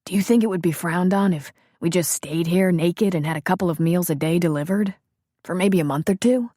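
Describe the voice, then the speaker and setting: A woman's voice: lowish voice, fairly quick, warm tone, no echo, studio quality, lightly acted. Woman voicing a tender man in love. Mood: playful. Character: tender romantic man, confident lover.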